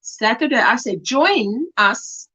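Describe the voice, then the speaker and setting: A South African woman hosting a casual crochet livestream, chatting warmly and reading viewer comments aloud with delight. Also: a little high, expressive, slow pace, breathy edge.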